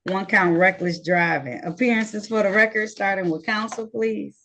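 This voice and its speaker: A woman judge presiding over virtual court proceedings on a video call, brisk and friendly, reading case numbers slowly and deliberately. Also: medium pitch, fairly bright tone.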